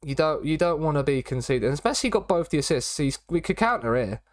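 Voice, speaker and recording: A man's voice: a little high, animated, quick pace, no room sound. A young man chatting casually as he streams a football management game, rambling and repeating his catchphrases. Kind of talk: casual live-stream commentary.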